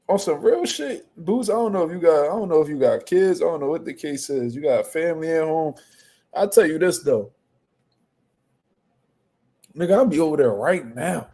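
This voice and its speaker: A young man hosting casual boxing reaction commentary, profane and animated. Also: a little high. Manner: profane, animated trash talk.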